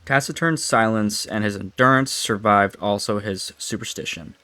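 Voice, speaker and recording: A man's voice: lowish voice, normal speed, sharp tone, no echo. A young man chatting and reading a story aloud with a friend, laid-back and slangy, slipping over old words. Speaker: amateur story reader. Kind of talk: casual chat and read-aloud.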